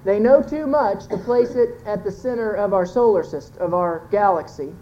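A woman's voice: mid-range voice, moderate pace, dark tone, muffled recording, a little hiss or hum. A woman giving a folksy, earnest sermon-style talk to a church congregation, pointing to a chart and correcting herself as she goes. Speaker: church speaker teaching with a chart.

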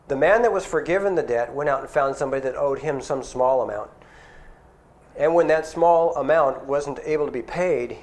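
A middle-aged man delivers a sermon at an ordinary, mid-range pitch. His preaching is earnest and conversational, and he often turns to rhetorical questions. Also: a little mellow.

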